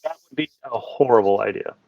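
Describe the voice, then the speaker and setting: A man's voice: fairly low pitch, a little fast, creaky, muffled recording. A man running a tabletop game as dungeon master, narrating loosely with jokes and restarts. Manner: casual, joking, loose narration.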